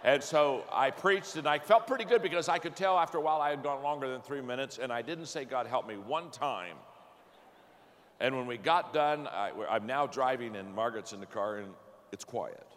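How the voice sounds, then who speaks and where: A man preaching, telling a folksy, self-deprecating story in an animated way and often restarting his sentences. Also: medium pitch, moderate pace, long reverb tail, slight background noise. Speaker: pastor. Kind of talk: storytelling sermon.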